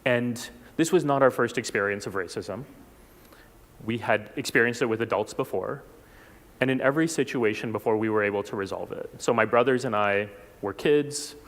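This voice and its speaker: A man from South Texas giving a reflective personal talk at a church forum, unhurried, with small restarts. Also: mid-range voice. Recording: long hall reverb.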